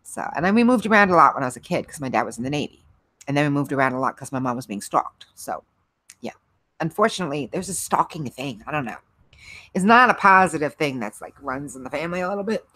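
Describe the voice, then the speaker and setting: A woman's voice: a bass voice, fairly bright tone, no room sound. A middle-aged woman hosting a livestream, chatting casually with viewers, rambling and laughing often. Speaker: livestream host. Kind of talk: casual chat with live viewers.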